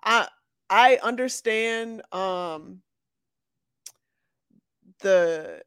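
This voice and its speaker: A podcast co-host in casual chat, talking haltingly with many restarts. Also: mid-range voice, fairly bright tone, clear, resonant tone, dry recording, clean studio sound. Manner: hesitant, stumbling restarts, slow.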